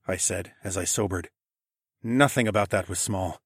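A man narrating a story in the first person, soft and even. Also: low-pitched, moderate pace, slightly rough, no echo, clean studio sound. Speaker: audiobook narrator.

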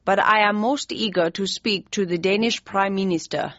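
A woman doing a stiff older Prussian statesman, speaking with a heavy German accent in a slow, intoning, icily polite way. The voice sits low and measured. The sound is dry and a little dull. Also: fairly bright tone, no echo, close to an everyday voice. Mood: formal.

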